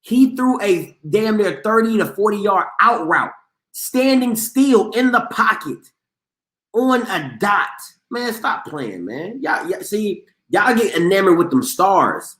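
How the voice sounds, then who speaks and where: A man's voice: high-pitched, sing-song, slow pace, a bit bright, echoey room. A man hosting a live sports talk show, talking in an emphatic, slangy way and repeating himself for effect. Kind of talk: casual sports commentary.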